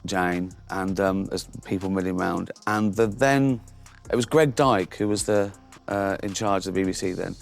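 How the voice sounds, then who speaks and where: A man's voice: low-pitched, fairly even intonation, normal speed, vocal fry, soft background music. A middle-aged man chatting as a talk show guest, telling cheeky, laughing stories and often restarting his sentences. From England. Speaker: comedian guest. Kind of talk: talk show chat and anecdote.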